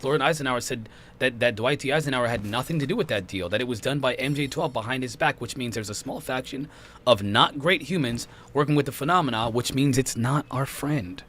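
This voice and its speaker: Bright-voiced rambling podcast host man. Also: medium pitch, a little fast, a little hiss or hum. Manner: rambling, restarts sentences often. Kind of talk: casual conspiracy podcast chat.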